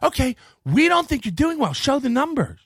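A man hosting a comedy podcast, ranting in a mocking, profane way and often breaking into shouts. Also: extremely high pitch, sing-song, moderate pace, no echo, clean studio sound. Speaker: podcast host.

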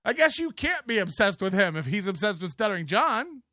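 Casting: male livestream host, high bright voice, profane and mocking, dry close sound. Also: very animated, a little fast, no room sound. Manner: profane, mocking, laughs often. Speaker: live show host. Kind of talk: casual livestream commentary.

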